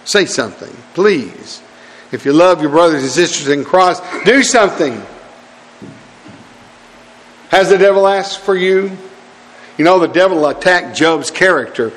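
A middle-aged man preaching a sermon with fervent, repeated rhetorical questions. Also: on the high side. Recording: hall reverb.

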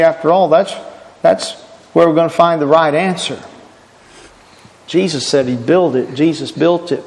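A man's voice: a little high, gravelly, darkish tone, long reverb tail, low-quality recording. A man preaching a sermon earnestly, asking rhetorical questions and stressing his points.

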